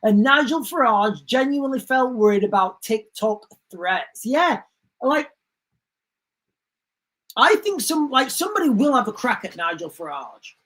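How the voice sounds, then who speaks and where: An extremely high-pitched, sing-song male voice, fairly bright and measured in pace, belongs to a livestream host doing casual political commentary. He rambles, restarts his sentences and addresses his viewers as guys.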